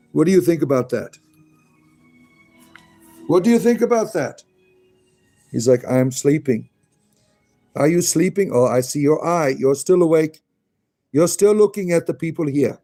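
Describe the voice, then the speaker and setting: A man's voice: mid-range voice, dark tone. A man live streaming in a casual chat, cooing at his pets in a playful, rising baby-talk voice.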